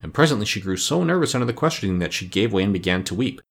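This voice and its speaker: A man narrating a classic children's storybook in a measured, even reading. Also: lowish voice, gravelly. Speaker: audiobook narrator. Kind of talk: scripted narration.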